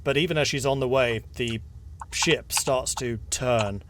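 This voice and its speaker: A man narrating a tabletop game as game master, relaxed and descriptive. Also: mid-range voice, unhurried, background noise.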